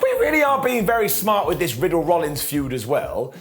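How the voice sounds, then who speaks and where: A man's voice: fairly high pitch, huge pitch swings, fairly quick, fairly bright tone, faint music behind. A man reviewing a wrestling show in a joking, sarcastic way, often quoting people in mock voices. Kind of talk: animated wrestling recap.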